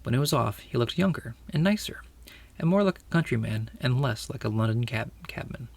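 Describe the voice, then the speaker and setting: Gravelly man reading a storybook aloud. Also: medium pitch, animated, a little fast. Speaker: audiobook reader. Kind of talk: storybook read-aloud narration.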